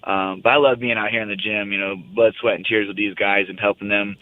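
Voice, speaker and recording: A man's voice: lowish voice, fairly even intonation, brisk. A young man calling in, telling a story in a loose, rambling casual chat. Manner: rambling, laid-back storytelling. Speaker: fighter calling in. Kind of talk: casual phone interview. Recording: tinny phone line.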